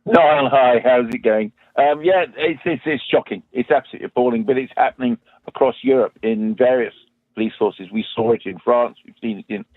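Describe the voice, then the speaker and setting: A man's voice: medium pitch, a little fast, no echo. A man calling in to a phone-in show who speaks earnestly and with emphasis. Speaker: caller. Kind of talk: phone-in call. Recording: tinny phone line.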